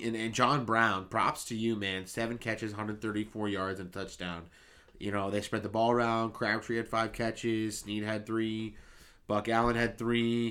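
A man with a low voice and a bright, forceful tone, chatting on a sports podcast. He reels off numbers in quick bursts. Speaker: podcast co-host. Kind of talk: casual sports chat.

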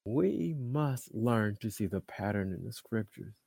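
A man preaching a sermon, moving between booming, drawn-out proclamations and quiet conversational asides, often repeating words and restarting. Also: lively intonation, creaky, husky, no room sound.

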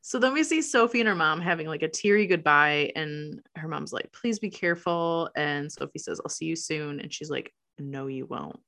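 A woman's voice: low-pitched, moderate pace, hardly any pauses, pushed and bright. A woman in casual chat, animatedly retelling a movie plot and acting out quotes. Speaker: podcast co-host recapping a movie.

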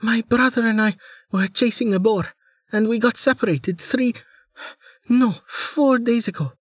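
A man's voice: extremely high pitch, a little slow, breathy edge, no echo, clean studio sound, pitched above the performer's own voice, exaggerated voice. A man voicing a bedraggled young woman who fakes injury and pleads for help in a breathless, faltering way. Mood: desperate pleading.

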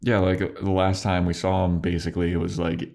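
A man's voice: low-pitched, a little fast, creaky. A man co-hosting a casual podcast, retelling scenes from a TV episode with lots of acted-out lines, swearing and laughter. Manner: animated retelling, acting out characters' lines, frequent swearing and laughter. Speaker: podcast co-host. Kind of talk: casual chat recapping a TV episode.

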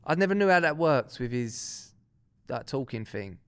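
A man's voice: medium pitch, sing-song, normal speed, clean tone, dry recording, studio quality. A young man co-hosting a podcast in casual chat, laid-back and joking, with plenty of slang. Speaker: podcast co-host.

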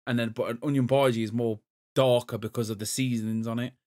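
A man's voice: medium pitch, steady tone, fast, darkish tone. A man, a podcast co-host in casual chat, rambling with lots of fillers. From Europe. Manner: rambling, full of "like" and "um".

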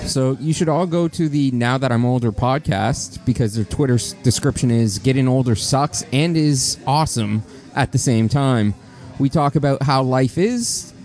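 A man's voice: medium pitch, moderate pace, a little mellow, soft background music. A man co-hosting a podcast, reading out promos in casual, profane, teasing banter. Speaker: podcast co-host.

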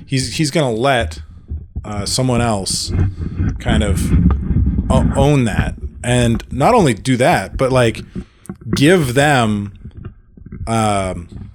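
A man co-hosting a casual movie podcast, talking in an animated way with many restarts. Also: medium pitch, slow, pauses often, noisy background. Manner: animated, restarts often, acts out quotes. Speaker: podcast co-host. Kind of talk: casual chat.

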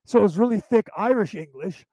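A man with a notably high voice, hosting his own show and spinning loose, rambling anecdotes. He talks in a chatty, casual way, restarting sentences as thoughts come to him. The sound is dry and close, with no room around it. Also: animated, fairly quick, warm tone, no room sound, low-quality recording. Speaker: show host.

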